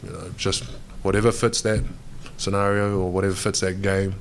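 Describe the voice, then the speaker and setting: At a media day press event, a young pro basketball player with a New Zealand accent chats casually with reporters. His very low voice is flat at a normal speed, and he rambles loosely, saying "mate" again and again. Faint background noise sits behind him.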